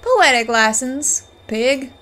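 A woman's voice: high voice, lively intonation, slow, fairly bright tone, full character voice. A woman voicing a folksy male street busker with a Southern accent, rhyming his words in a sing-song way. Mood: defiant. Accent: American Southern.

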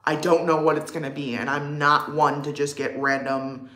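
A young woman talks through a casual get-ready-with-me livestream, rambling and reading her chat aloud. Her voice sits a little low, and the room around her is echoey. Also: little pitch movement, normal speed, a bit bright. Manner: chatty and rambling, lots of "like", answers chat. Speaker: livestream vlogger.

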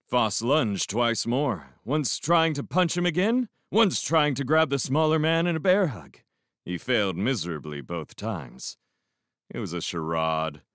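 Slow, expressive male audiobook narrator. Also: mid-range voice, dry recording, studio quality. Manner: measured, expressive storytelling. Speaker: audiobook reader.

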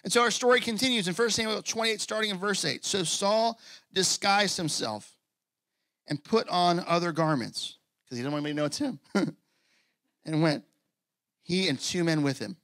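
A man preaching a sermon as pastor in an animated, conversational way, with casual asides. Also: high-pitched, normal speed, no room sound. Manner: acts out scripture quotes in character voices.

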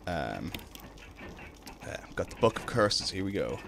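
A young Irish man streaming a video game, chatting casually with his viewers between drawn-out ums. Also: sits low, big pitch swings, gravelly, noisy background. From Ireland. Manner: laid-back, drawn-out ums, greets chat. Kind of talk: casual live-stream chat while gaming.

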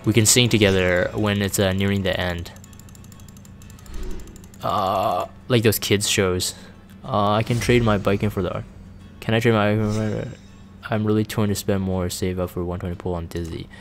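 A man with a fairly low voice hosts a relaxed live stream, reading viewer messages aloud and musing with lots of ums and restarts. Faint game music plays underneath. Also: normal speed. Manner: reads chat aloud, rambling and laid-back with many fillers. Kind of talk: casual live-stream chat.

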